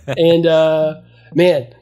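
A man's voice: a little high, darkish tone. A man narrating as game master of a tabletop role-playing game, loose and giggly with frequent restarts.

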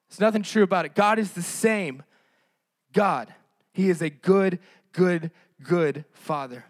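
A man's voice: very high voice, fairly bright tone, dry recording, studio quality. A man preaching as a pastor, with impassioned, repetitive rhetorical phrasing and frequent fillers. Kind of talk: sermon.

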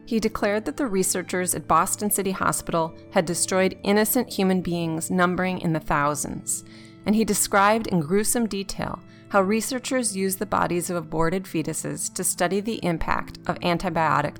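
A woman reading scripted documentary narration in a steady, even way. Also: fairly low pitch, moderate pace, faint music behind.

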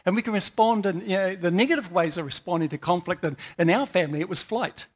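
A man preaches a sermon in a loose, conversational way. His voice sits high for a man, and he stumbles and repeats words as he tells homely anecdotes. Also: fast talker.

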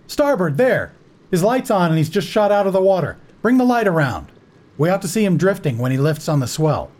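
A man voicing an excitable naval commander on a gunboat, speaking in an animated, dramatic way. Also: sits high, a little fast, voice pushed up. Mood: urgent.

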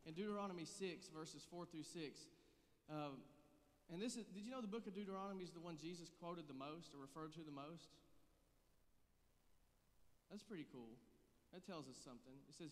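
A man's voice: on the high side, normal speed, long pauses. Conversational man preaching in a hall. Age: 30s. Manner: conversational, joking, rising to earnest intensity. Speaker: pastor. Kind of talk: sermon.

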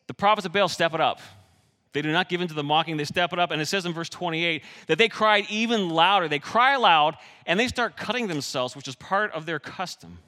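Male preacher, lively and humorous, bright-toned, recorded in a large reverberant hall. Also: a little high, normal speed. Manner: animated, swings between loud and hushed; jokes with the audience. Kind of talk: sermon.

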